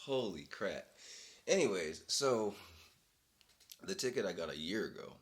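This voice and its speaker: A young man with a deep voice tells a story straight to the camera. His pitch leaps around animatedly, and he sounds exasperated but amused, often laughing through it. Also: animated, slow, long pauses. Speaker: vlogger. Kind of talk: casual storytelling rant.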